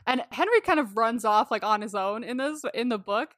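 A woman co-hosts a podcast, casually and animatedly recapping things, swearing freely, laughing often, and acting out quotes. Her voice is a little high and fairly bright, with lively intonation and a slightly fast pace, recorded clean in a studio with no echo.

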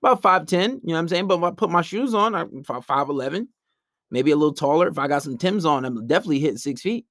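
A young man holds forth in a blunt, brash monologue and acts out the other side of each story. His voice sits high for a man. The sound is dry and close. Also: lively intonation, fast, fairly bright tone, no echo. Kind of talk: casual opinionated monologue.

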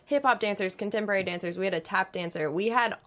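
A woman's voice: medium pitch, fast, a bit bright. A young woman dancer chats as an interview guest. She tells her stories in a bubbly, giggly way, filling them with "like.". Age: young adult. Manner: bubbly, giggly storyteller with lots of "like". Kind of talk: casual interview chat.

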